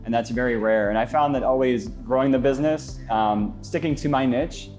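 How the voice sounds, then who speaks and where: A man from the Phoenix area, a business owner, giving a confident, brisk tour and interview inside his office. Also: medium pitch, a little mellow, soft background music. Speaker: guest, brokerage owner. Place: inside a real estate office.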